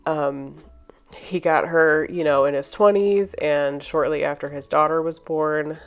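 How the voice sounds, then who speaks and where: A woman recording a voiceover for her painting video, talking in a halting, emotional way with sighs and restarts. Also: deep voice, steady tone, muffled recording. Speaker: painting vlogger.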